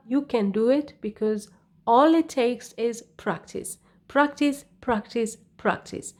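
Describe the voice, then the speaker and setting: A woman teaching an English exam lesson, speaking deliberately and often checking in with "okay?". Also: mid-range voice, darkish tone. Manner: slow, deliberate, repeats "okay?". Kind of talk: scripted lesson narration.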